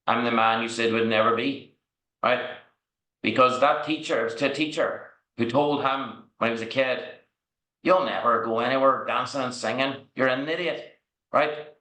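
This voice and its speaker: A man's voice: medium pitch, bright, forceful tone. An Irish man as a podcast guest, telling frank, rambling stories and checking in with "right?" as he goes. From Ireland. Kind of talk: candid storytelling interview. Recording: echoey room recording.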